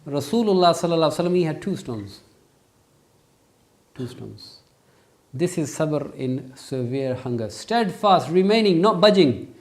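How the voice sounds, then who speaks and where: A man's voice: medium pitch, normal speed, pauses often. A man teaching a religious lesson, quizzing his students and pressing emphatic points. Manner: questions students, lively, emphatic. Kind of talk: interactive classroom lesson. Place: classroom with students.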